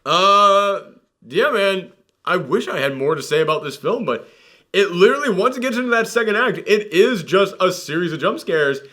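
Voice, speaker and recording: Lebhafter, sarkastischer Mann bei einer Filmkritik. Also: male voice, sits high, moderate pace. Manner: animated, sarcastic, mock-dramatic. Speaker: film reviewer host. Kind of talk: casual podcast film review.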